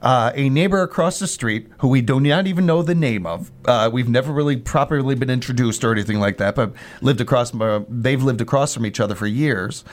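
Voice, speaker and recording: Young male co-host, casual and jokey, stop-start delivery. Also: medium pitch. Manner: joking, chatty, halting with restarts. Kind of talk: casual chat.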